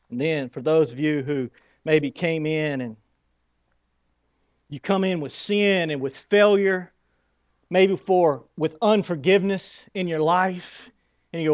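A male pastor delivering a sermon in a conversational, emphatic way, stumbling over his words when he gets fired up. His voice sits a little high. The recording is dull and dry, with no sense of room. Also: a little slow, pauses often, dry recording.

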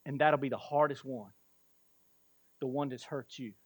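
Male pastor preaching a sermon, gets impassioned, pushes loud then drops soft, dry sound, no room echo. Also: steady tone, husky. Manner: impassioned, rising and falling in pitch and volume, with quick bursts.

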